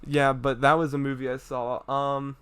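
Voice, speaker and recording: A young man co-hosting a podcast in casual chat, excitable, laughing often and acting out scenes as he tells them. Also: mid-range voice, normal speed, smooth. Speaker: podcast co-host.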